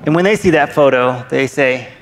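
A married man shares his testimony from a church stage in a steady, friendly mid-range voice. His words carry the long echo of a large sanctuary. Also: medium pitch, moderate pace, slight background noise. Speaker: guest speaker sharing his testimony. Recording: long reverb of a large hall.

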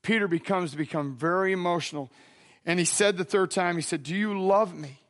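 Bright-voiced man preaching a sermon. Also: high-pitched, fairly quick. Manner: dramatic, acts out the voices in the story; casual slangy phrasing. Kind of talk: sermon retelling a Bible story.

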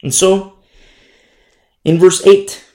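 A man preaching a sermon with passion, swinging between loud and soft and repeating words for emphasis. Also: fairly even intonation, slow pace, reverberant. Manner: impassioned, emphatic preaching with big swings in pitch and loudness; repeats words for emphasis, acts out quoted voices. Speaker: pastor.

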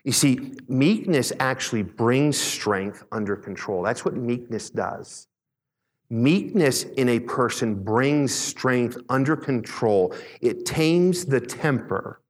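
A man preaching a sermon as pastor, emphatic, slowing on key words and asking the congregation questions. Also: medium pitch, animated. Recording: long reverb in a large hall.

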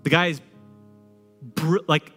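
A male pastor preaches in a chatty, animated way, full of jokes and repeated phrases. His voice sits fairly high. It rings through a large hall with a long echo and soft music behind him. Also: slow. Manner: animated, conversational preaching with humor and repetition. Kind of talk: sermon.

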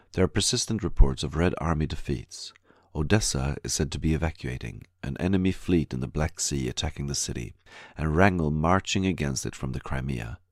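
A man with an extremely low, gravelly voice reads a diary as an audiobook. His delivery is measured and steady. The recording is dry and close, with no room sound. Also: no room sound. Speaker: audiobook narrator. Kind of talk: scripted narration.

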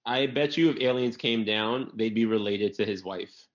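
A young man in casual, profane comedic chat, trading quick riffs and jokes. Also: on the low side, slight background noise. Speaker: podcast co-host. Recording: dull lo-fi recording.

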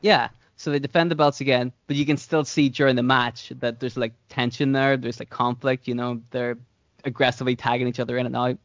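A man's voice: mid-range voice, fairly even intonation, a little fast, fairly bright tone, no echo. A young man chatting casually as a podcast co-host, telling a long story in a rambling way with casual swearing. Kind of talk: casual chat recapping wrestling storylines.

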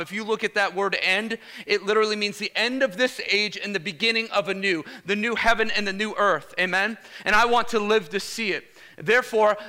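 A male pastor preaching a lively sermon, energetic and casual, calling out "Amen?" to the congregation. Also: sits high. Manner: energetic, casual slang, repeated "Amen?" calls.

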